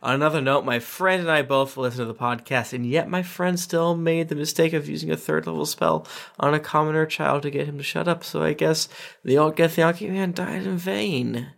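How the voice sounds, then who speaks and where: A man's voice: on the high side, a little fast, gravelly, fairly bright tone. A man hosting a casual podcast, reading listener reviews aloud with playful voices and asides.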